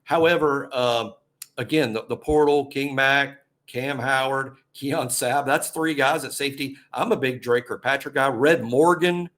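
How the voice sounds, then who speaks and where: A man's voice: medium pitch, a little slow, fairly bright tone. Man breaking down a football roster. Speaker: podcast host. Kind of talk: casual sports chat.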